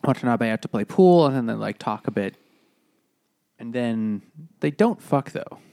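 A man co-hosting a casual book-club podcast, retelling the plot with lively acted quotes. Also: medium pitch, moderate pace, vocal fry, no echo, clean studio sound. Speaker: podcast co-host.

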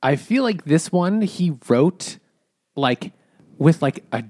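A man on a comedy podcast, musing haltingly with plenty of fillers. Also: fairly high pitch, expressive, dark tone, no echo, clean studio sound. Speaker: podcast co-host. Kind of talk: casual comedic chat.

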